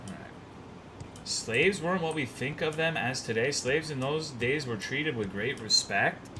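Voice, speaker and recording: With background noise in the mix, a young man in a mid-range voice chats unhurriedly and profanely during a game stream, meandering between topics and reading viewers' messages aloud.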